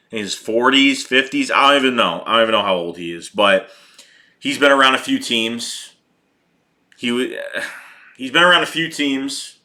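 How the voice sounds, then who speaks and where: A man's voice: medium pitch, sharp tone. Fired-up man ranting about football. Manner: heated, profane, repeats himself. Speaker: sports podcast host reading chat. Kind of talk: casual fan rant.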